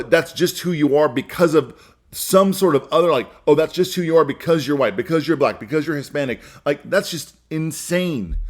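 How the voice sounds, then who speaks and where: A man hosting a solo podcast, talking earnestly and emphatically, repeating key phrases and restarting sentences. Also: fairly high pitch. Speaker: podcast host.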